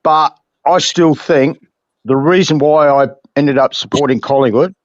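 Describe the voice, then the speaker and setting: An Australian man chatting casually on a podcast, rambling and halting, searching for his words. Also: fairly high pitch, no echo. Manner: rambling, halting, full of fillers. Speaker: podcast co-host. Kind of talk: casual chat. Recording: dull lo-fi sound.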